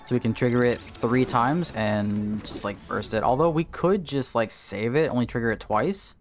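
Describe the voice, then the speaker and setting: A man's voice: mid-range voice, normal speed, faint music behind. Casual man streaming a game. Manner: casual, thinking aloud, greets chat. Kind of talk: live gameplay commentary.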